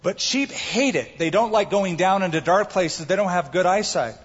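A man's voice: sits high, lively intonation, moderate pace, slightly rough, long reverb tail, lo-fi sound. A man pastor preaching a sermon, emphatic and repeating his key phrases for the congregation. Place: church sanctuary.

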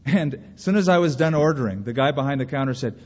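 Pastor preaching in a reverberant hall. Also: male voice, mid-range voice, animated, quick pace, darkish tone. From California. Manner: earnest preaching with rhetorical questions and story asides. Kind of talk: sermon. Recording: reverberant hall, dull lo-fi sound.

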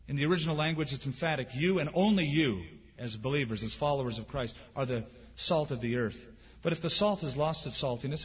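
Husky-voiced man preaching in a reverberant hall. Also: medium pitch. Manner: earnest, emphatic preaching with rhetorical questions. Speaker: pastor. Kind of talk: sermon. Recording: dull lo-fi sound with long hall reverb.

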